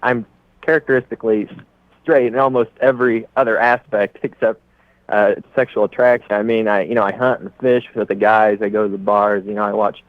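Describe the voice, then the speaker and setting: A man in his twenties calling a radio show, speaking in a halting, hesitant, quiet way. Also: fairly low pitch, steady tone, no echo. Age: 20s. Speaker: caller. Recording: tinny phone line.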